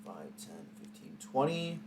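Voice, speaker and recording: A tabletop game player, talking playfully and excitedly while taking turns and counting out moves. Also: medium pitch, measured pace, vocal fry, a crowd in the background. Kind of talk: casual tabletop game play.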